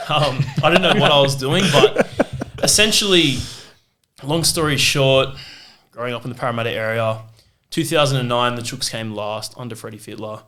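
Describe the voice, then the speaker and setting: A man's voice: mid-range voice, sharp tone. A young Australian man hosting a fan podcast, chatting casually and telling stories with a laugh. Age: young adult. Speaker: podcast host. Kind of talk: casual chat.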